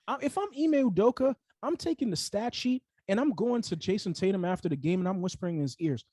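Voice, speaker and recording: A young man with a slightly high voice, recorded close and dry, talks sports in a casual, heated way. He rants with plenty of fillers and restarts. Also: quick pace, hardly any pauses, dry recording. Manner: animated, heated ranting with lots of fillers. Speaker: sports podcast co-host.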